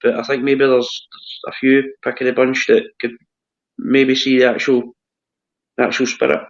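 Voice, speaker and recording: A man's voice: medium pitch, little pitch movement, normal speed. A Scottish man hosting a casual chat, talking hesitantly and often repeating his words. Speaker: host. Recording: dull lo-fi sound.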